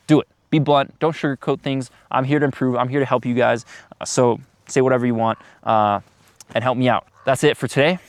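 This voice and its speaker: An eighteen-year-old man chats through advice in a loose, casual vlog, filling gaps with plenty of ums and uhs. His voice sits at an ordinary middle pitch and sounds dry and close, with no room echo. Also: steady tone, a little fast, clear, resonant tone. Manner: loose, filler-heavy talk with many ums. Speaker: vlogger giving business tips.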